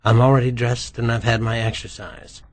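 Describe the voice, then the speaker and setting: A man's voice: medium pitch, level tone, moderate pace, no room sound, natural voice. A man voicing a female police detective who talks in a clipped, dry way in an audiobook. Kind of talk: audiobook character voice.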